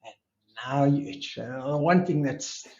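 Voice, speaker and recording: Animated man, roomy sound. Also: medium pitch, slow pace. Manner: animated, acts out his own inner dialogue. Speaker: podcast guest. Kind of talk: storytelling in conversation. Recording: roomy, slightly dull recording.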